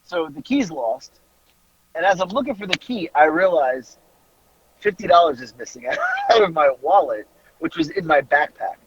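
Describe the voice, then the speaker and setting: A man, a podcast host telling a story in a casual, animated way, laughing and swearing freely. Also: fairly high pitch, moderate pace, dull audio, noisy background.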